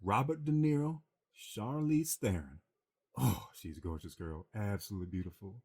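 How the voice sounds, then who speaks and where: A man co-hosting a casual podcast, animated and bantering, acting out movie lines with big swings in his voice. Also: on the low side, moderate pace, husky. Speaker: podcast co-host.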